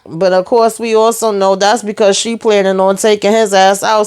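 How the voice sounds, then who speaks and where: A young adult woman hosting a casual TV episode recap, telling the story in a sassy, animated way with plenty of asides. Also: medium pitch, normal speed, hardly any pauses, smooth.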